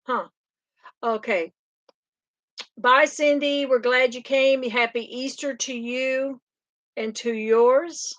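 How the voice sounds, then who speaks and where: A woman's voice: high voice, fairly even intonation, slow pace, long pauses, a bit bright, no echo. Chatty woman live-streaming. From Oklahoma. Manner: chatty, rambling, laughs often. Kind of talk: casual chat reading comments.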